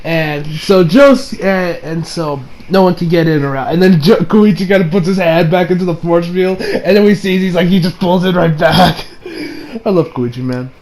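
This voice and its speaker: A man's voice: high voice, moderate pace, a little mellow, low-quality recording. A man casually recapping an anime episode, rambling with many fillers and restarts. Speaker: anime reviewer.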